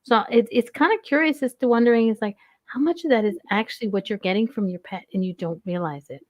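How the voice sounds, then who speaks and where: A woman's voice: a little high, fast talker, no room sound. A woman hosting a casual chat, rambling along with frequent restarts and reading viewer questions. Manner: chatty, rambling, with many restarts. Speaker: host.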